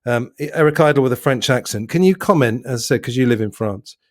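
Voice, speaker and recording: A man hosting a casual film discussion podcast. His voice sits at an ordinary middle pitch and sounds dry and close to the mic. He leads the chat and muses aloud with small hesitations. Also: fast talker, no echo. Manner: leads the talk, musing and a bit hesitant. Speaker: podcast host.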